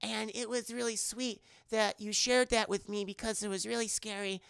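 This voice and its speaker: A man putting on a high, soft voice for a gentle, shy young girl while recapping a cartoon. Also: flat delivery, normal speed, creaky, clear, resonant tone, no room sound, studio quality. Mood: sweet. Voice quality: high falsetto-like voice.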